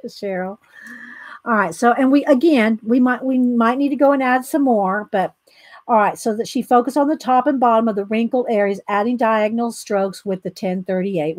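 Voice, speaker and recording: A woman's voice: a little high, darkish tone, no echo. Chatty Southern woman demonstrating coloring. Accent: Southern American. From Southern United States. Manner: chatty, greets viewers by name, laughs easily. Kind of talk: casual live coloring tutorial, reading steps aloud.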